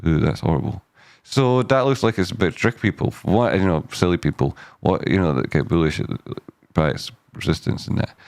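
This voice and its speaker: A man's voice: deep voice, lively intonation, moderate pace, vocal fry, darkish tone, dry recording. A man hosting a casual live stock chart analysis, rambling and jokey, cutting himself off mid-sentence. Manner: rambling, self-interrupting, jokey asides.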